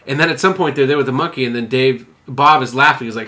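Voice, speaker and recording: Man with a bright, mid-range voice, playful co-host who acts out bits and riffs loosely. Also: mid-range voice, lively intonation, fast. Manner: jokey, acts out comedy sketches with silly voices. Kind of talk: casual chat.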